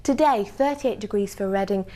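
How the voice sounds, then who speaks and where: A woman with a British accent presenting a television weather forecast in an animated, emphatic way, from a studio. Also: mid-range voice, moderate pace. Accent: British English.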